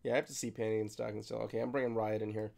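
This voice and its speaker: Young male host, gravelly voice, playful and profane, casual chat. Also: on the low side, very fast. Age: 20s. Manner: teasing, animated, swears freely. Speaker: podcast host.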